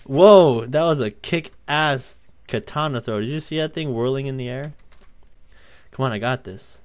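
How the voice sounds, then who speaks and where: A young man giving excitable gameplay commentary, swearing often and yelling when he wins or dies. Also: medium pitch, normal speed. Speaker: gaming YouTuber.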